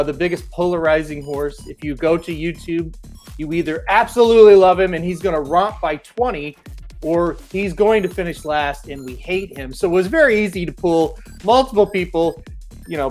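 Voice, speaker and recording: A man hosting a horse racing show, reading out viewer comments in a casual, chatty way and joking as he goes. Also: fairly high pitch. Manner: joking, chatty, laughs between remarks.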